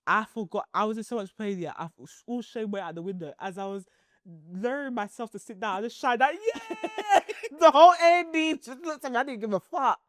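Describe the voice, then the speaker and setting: High-voiced young woman telling a story. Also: fast talker, dry recording. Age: 30s. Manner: animated, laughs often while telling a story. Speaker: podcast co-host. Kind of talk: casual storytelling chat.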